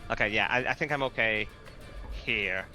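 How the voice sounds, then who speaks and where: Very bright-voiced halting male player. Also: on the low side, faint music behind. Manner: halting, laughing, restarts. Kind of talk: casual tabletop game play.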